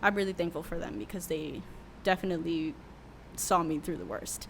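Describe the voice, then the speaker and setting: A woman's voice: lowish voice, normal speed, a little hiss or hum. A young adult woman, a worship leader who is a podcast guest, telling a candid, emotional story with many fillers in a casual interview.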